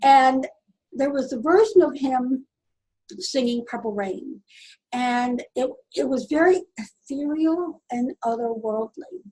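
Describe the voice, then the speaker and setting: A woman casually telling a personal story in an earnest, halting way, often restarting her sentences. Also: high voice, animated, dark tone, low-quality recording. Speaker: vlogger.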